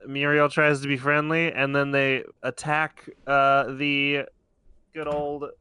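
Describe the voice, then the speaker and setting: Bright-voiced man recapping a cartoon. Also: mid-range voice, level tone, slow pace, clear, resonant tone, no room sound. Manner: rambling, restarts, detailed explainer. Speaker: podcast co-host. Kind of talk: casual chat recapping a cartoon episode.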